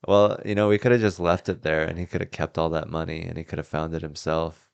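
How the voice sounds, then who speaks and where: A man's voice: a bass voice, flat delivery, fast, gravelly, clear, resonant tone, no room sound, lo-fi sound. A man hosting a casual podcast chat from a house, laid-back and wry, swearing freely. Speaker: podcast host.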